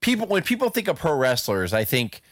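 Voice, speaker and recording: A man's voice: fairly high pitch, huge pitch swings, fairly quick, fairly bright tone, dry recording. A man hosting a casual podcast, rambling with restarts and playful asides. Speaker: podcast host.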